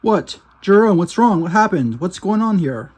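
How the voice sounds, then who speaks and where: A man voicing a male cartoon boss answering the phone with sharp, alarmed questions, in a fan-made cartoon. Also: sits high, expressive, normal speed, a little hiss or hum, pitched above the performer's own voice.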